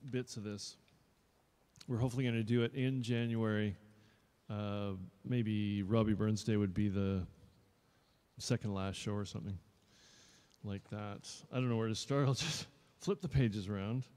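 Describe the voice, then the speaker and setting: A man's voice: lowish voice, dark tone. A man in his fifties, an actor, talking casually to a live audience, rambling and joking with them. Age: 50s. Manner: chatty and rambling, jokes with the audience. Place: showroom. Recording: long reverb in a showroom.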